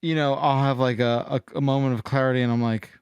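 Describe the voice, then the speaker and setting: A man's voice: medium pitch, fairly even intonation, fast, a little mellow, clean tone, no echo. A man co-hosting a podcast, chatting in a laid-back, rambling way. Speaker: podcast host. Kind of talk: casual chat.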